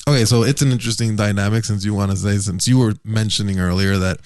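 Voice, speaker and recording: A man's voice: lowish voice, steady tone, fast, darkish tone, clean tone. A man hosting a casual podcast chat, loose and joking, swearing freely. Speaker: podcast host.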